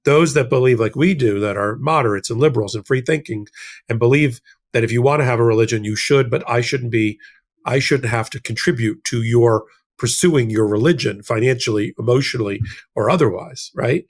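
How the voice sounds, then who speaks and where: A man's voice: mid-range voice, brisk. An American man co-hosting a legal discussion show, explaining in a casual, emphatic way with rhetorical asides. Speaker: legal commentator, co-host.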